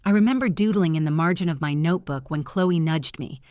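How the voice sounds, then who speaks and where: A woman with a slightly low voice reads a first-person drama story aloud, earnest and gripping. The recording is dry and close, with no room sound at all. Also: a little fast, darkish tone, no echo. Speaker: narrator.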